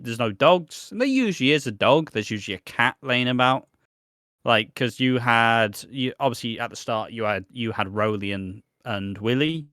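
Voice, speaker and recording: A man's voice: medium pitch, a bit bright, clean tone, no room sound, clean studio sound. A man co-hosting a podcast, rambling in casual chat with lots of restarts and the odd swear. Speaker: podcast co-host.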